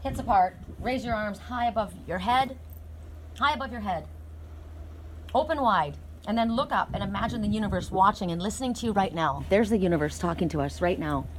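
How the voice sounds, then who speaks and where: Reading oracle cards outdoors in the cold, this middle-aged woman speaks fairly quickly in a mid-range voice, earnest and emphatic with flashes of excitement. Slight background noise sits behind her.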